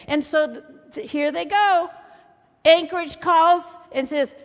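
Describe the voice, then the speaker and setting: High-voiced woman preaching in a hall. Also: measured pace. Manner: animated, acts out quoted voices, builds to loud exhortation. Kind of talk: storytelling sermon. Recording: long hall reverb.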